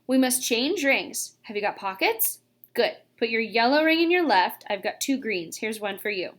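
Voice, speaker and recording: A woman's voice: fairly high pitch, expressive, moderate pace, fairly bright tone. A woman voicing a curious, easygoing young boy in a storybook reading. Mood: explaining.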